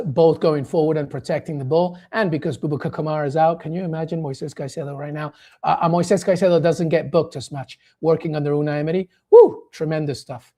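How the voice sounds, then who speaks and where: A man's voice: on the high side, dark tone. A man appearing as a journalist guest on a phone-in, enthusiastic and thinking aloud, stumbling over his starts. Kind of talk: casual radio phone-in discussion.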